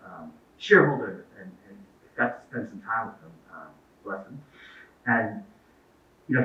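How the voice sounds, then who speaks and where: A middle-aged man giving a talk to parents, telling anecdotes and acting out the dialogue in them. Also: mid-range voice. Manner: storytelling, acts out quoted dialogue. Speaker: guest speaker. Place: event hall. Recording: echoey, distant, phone-like lo-fi sound.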